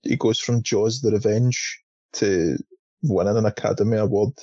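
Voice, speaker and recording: A man co-hosting a podcast, telling film anecdotes in an animated, laughing way. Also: fairly low pitch, husky, no echo. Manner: animated, laughing storyteller with quick asides. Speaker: podcast co-host. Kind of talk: casual film chat. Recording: dry, dull lo-fi audio.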